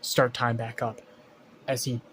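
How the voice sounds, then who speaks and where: A man's voice: mid-range voice, flat delivery, unhurried, fairly bright tone, a little hiss or hum, rough recording. A man improvising a fan story aloud, rambling with frequent restarts and casual swearing.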